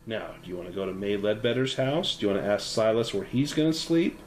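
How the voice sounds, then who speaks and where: A man's voice: fairly low pitch, fast talker, hardly any pauses, a little hiss or hum. A man narrating a solo tabletop game as game master, reading prose and chatting casually. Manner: expressive, reads prose then chats casually. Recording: faint ambient music behind.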